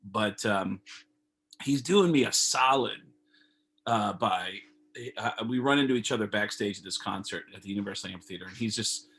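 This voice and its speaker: Husky-voiced man telling a story. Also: lowish voice, moderate pace, rough recording. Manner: animated, profane, acts out others' lines in raised voices. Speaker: comedian guest. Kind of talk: casual storytelling interview. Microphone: video call.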